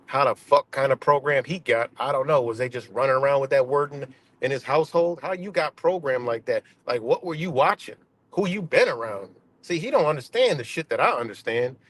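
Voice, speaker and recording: A man's voice: mid-range voice, expressive, brisk, fairly bright tone. A man on a live stream, ranting in a heated and confrontational way, swearing often and repeating himself. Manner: profane, confrontational, repetitive.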